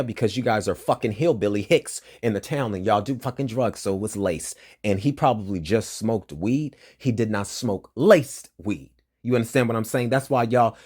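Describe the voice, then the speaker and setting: Heated man ranting over a news story. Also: fairly low pitch. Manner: heated, profane, switches between flat reading and loud outbursts. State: agitated. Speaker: commentator reading and reacting to news. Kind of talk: angry commentary over a read-out news story.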